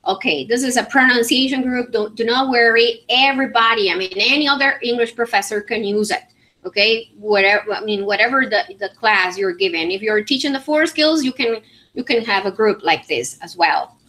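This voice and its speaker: A woman's voice: on the high side, a little fast, sharp tone. A woman English teacher, presenting a demo at a conference and talking it through with frequent fillers and "all right?" checks. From Venezuela. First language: Spanish.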